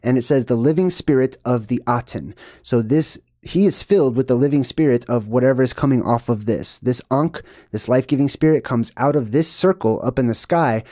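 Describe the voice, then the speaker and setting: A man's voice: medium pitch, brisk, hardly any pauses, dark tone, no echo, clean studio sound. A man hosting a video, talking casually over pictures in a rambling way, with lots of fillers and a habit of ending points with "right?". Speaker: video host. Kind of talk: casual commentary over slides.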